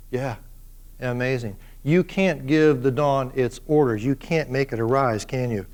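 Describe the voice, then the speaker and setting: A man professor giving a classroom lecture, animated and full of playful rhetorical questions. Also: medium pitch, a little slow.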